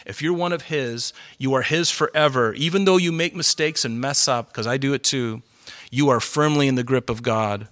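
A man's voice: medium pitch, normal speed, fairly bright tone. A male pastor delivering a sermon to a congregation, conversational and worked up, driving his points home with emphatic repetition. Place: church hall with congregation.

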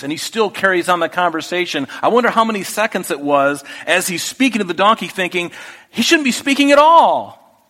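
Male pastor, earnest conversational sermon, higher voice, long echo of a big room. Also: bright, forceful tone. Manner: earnest, conversational preaching with restarts and asides. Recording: long hall reverb.

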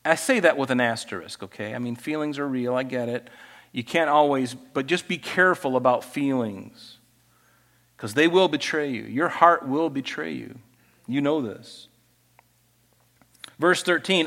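A man's voice: mid-range voice, unhurried, fairly bright tone. A male pastor preaching a sermon, reading Bible passages aloud and acting out quoted voices along the way.

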